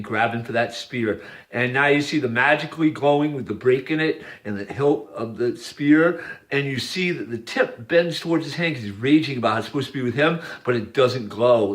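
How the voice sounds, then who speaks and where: A man's voice: medium pitch, a bit bright. A man narrating over a series of images, pointing out details one by one in an earnest, repetitive way. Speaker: video narrator.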